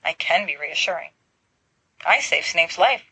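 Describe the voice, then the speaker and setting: Woman doing cocky young guy in a podfic, bright and a bit husky, show-offy. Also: fairly low pitch, animated, measured pace, no echo, heavily acted, poor audio. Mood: boastful. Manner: boastful, flippant. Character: cocky, flustered young man. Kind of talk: podfic reading.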